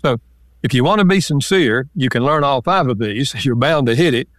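A man's voice: mid-range voice, animated, moderate pace, no room sound. Older man, author guest, interview, explanatory, quotes examples, dry sound. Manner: explains in numbered lists with acted-out example quotes. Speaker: author and marriage counselor guest. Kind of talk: relaxed interview answers.

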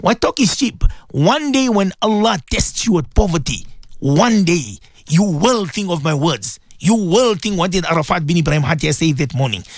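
Guy preaching on morning radio, high voice, really dry close studio mic, keeps repeating himself. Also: lively intonation, no echo. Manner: emphatic and repetitive, exhorting listeners; slows to drawn-out, chant-like prayers. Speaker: radio presenter and Muslim cleric.

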